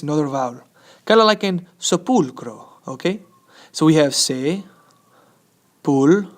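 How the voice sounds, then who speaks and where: A man walks through a slide lesson in an upbeat, chatty way and keeps checking in with "okay?". His voice sits a little high for a man. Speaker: Spanish teacher.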